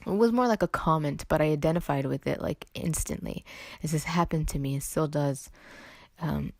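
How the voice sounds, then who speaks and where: A young California woman hosts a casual solo podcast, chatty and rambling and a bit under the weather, interrupting herself with "like" and "anyway." Her low voice moves at normal speed in a dry, studio-quality recording.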